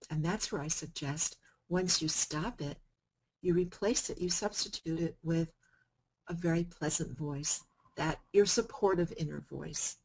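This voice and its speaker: A woman giving a coaching self-help talk to a group, switching between calm explanation and sudden loud, playful emphasis. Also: lowish voice, breathy edge, poor audio.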